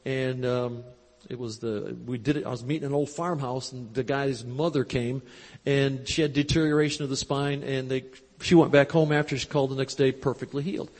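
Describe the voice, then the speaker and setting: A man preaching at a live convention, telling a story with quoted dialogue in a folksy, animated way, on a handheld mic. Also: mid-range voice, a little fast. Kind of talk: storytelling sermon. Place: large church convention hall. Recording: live hall recording with long reverb.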